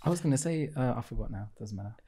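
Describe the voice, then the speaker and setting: A man's voice: medium pitch, expressive, rapid-fire, dark tone. A man on a podcast, joking and bantering in a casual chat with friends. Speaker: podcast guest.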